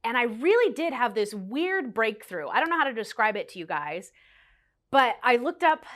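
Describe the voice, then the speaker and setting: A woman's voice: fairly high pitch, big pitch swings, moderate pace, a bit bright. Emotional young woman vlogger. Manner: candid, emotional, quotes her own thoughts aloud. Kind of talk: personal confessional chat to camera.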